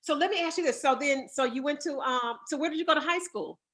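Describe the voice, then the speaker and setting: A woman's voice: sits high, quick pace, fairly bright tone. A woman podcast host from Milwaukee, chatting in an encouraging, reactive way with her guest. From Milwaukee, Wisconsin. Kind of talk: casual interview chat.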